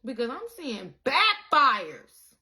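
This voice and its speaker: A woman giving a casual spiritual monologue to her viewers, animated and profane, calling the listener baby and acting out the people she quotes. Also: high-pitched, slow pace. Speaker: spiritual content creator.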